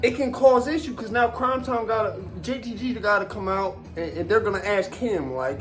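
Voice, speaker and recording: A man in his forties rants in a casual podcast style, swearing freely and circling back on himself. His voice sits high for a man. Faint music plays underneath. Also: moderate pace, hardly any pauses. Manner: animated, profane, rambling with many fillers. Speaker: former wrestler.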